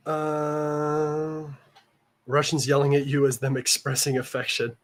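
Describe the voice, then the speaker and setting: A man's voice: fairly high pitch, monotone, measured pace. Young man, American, casual livestream chat, rambling with fillers, a bit nasal, home room. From United States. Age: young adult. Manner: rambling, chatty, many fillers and restarts. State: slightly nasal from allergies. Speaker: livestream host.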